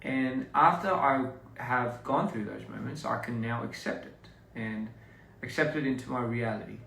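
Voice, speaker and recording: A man on a casual livestream, speaking slowly and encouragingly to fans, with pauses and fillers. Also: mid-range voice, creaky, a bit bright, roomy sound, distant mic, a little hiss or hum, low-quality recording. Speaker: livestream host answering fans.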